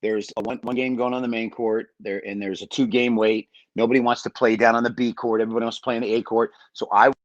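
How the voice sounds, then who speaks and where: A man's voice: mid-range voice, fast, few pauses, no room sound, lo-fi sound. A middle-aged man from Michigan, a podcast guest telling long stories, acting out what people said and swearing freely. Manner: animated storyteller, acts out quotes, swears freely. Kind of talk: storytelling on a sports podcast.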